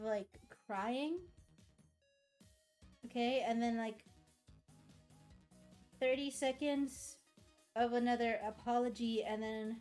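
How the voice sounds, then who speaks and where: A woman streamer chatting at her desk, her voice sitting a little high. She rambles, swears and laughs at herself, sounding tired and overheated. Faint music plays under her voice. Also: darkish tone. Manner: rambling, self-deprecating, swears and laughs often. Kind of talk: casual live-stream chat.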